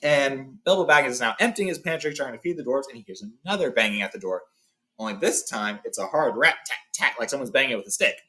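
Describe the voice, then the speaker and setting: A man's voice: mid-range voice, expressive, fast talker, bright, forceful tone. A man hosting a casual read-along, retelling a story in a chatty way with fillers and self-corrections. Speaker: host reading a book aloud.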